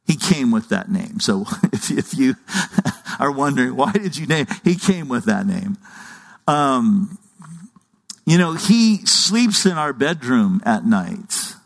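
A man's voice: medium pitch, sing-song, slow, gravelly. A middle-aged man preaching a sermon, earnest and conversational, often restarting his sentences. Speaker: pastor. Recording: long hall reverb.

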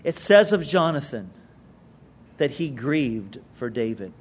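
A man's voice: mid-range voice, big pitch swings, takes it slowly. A male pastor reading scripture aloud and explaining it in a conversational sermon, with emphatic retellings.

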